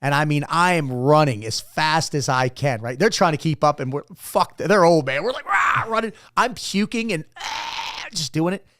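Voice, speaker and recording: A man's voice: fairly high pitch, lively intonation, moderate pace, few pauses, a bit bright, no room sound, studio quality. A man in his fifties, a former Navy SEAL guest, telling rambling, profane stories in a casual interview.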